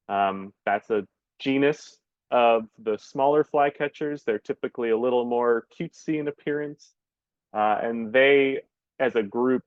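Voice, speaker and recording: A man presents a casual slideshow lecture as a birding guide, easygoing and peppered with ums and uhs. His voice sits at a middling pitch. The sound is dry and dull, as over a video call. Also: dry recording. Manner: relaxed, frequent ums and uhs.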